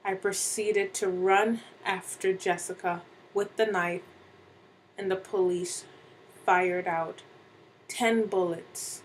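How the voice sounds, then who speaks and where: Slow, deliberate woman storyteller. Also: medium pitch, steady tone, a little hiss or hum, poor audio. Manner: slow and deliberate, with dramatic pauses. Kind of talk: first-person dramatic story narration.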